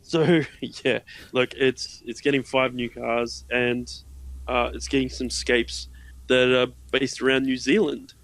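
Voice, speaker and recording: A man trades laid-back, teasing banter with his co-host on a gaming podcast. His mid-pitched voice has a gravelly edge, and the recording is dry and close. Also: flat delivery, unhurried, fairly bright tone, dry recording, low-quality recording. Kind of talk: casual chat.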